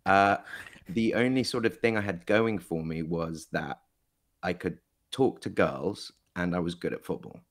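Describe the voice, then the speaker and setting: A man from Mexico talks in a relaxed interview, his mostly English accent carrying American touches. His voice sits low, and he hesitates often, with fillers and restarts. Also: unhurried. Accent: mixed, mostly English with American touches. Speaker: guest actor. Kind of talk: casual interview chat.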